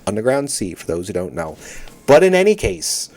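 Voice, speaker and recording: Animated, excitable podcast host man. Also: on the low side, normal speed. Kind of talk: casual podcast chat.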